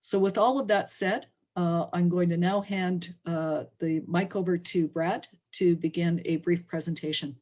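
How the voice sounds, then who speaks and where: A woman's voice: on the low side, fairly even intonation, a little slow, hardly any pauses, a little mellow. A woman hosting a webinar, giving careful prepared opening remarks with occasional restarts. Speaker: webinar host.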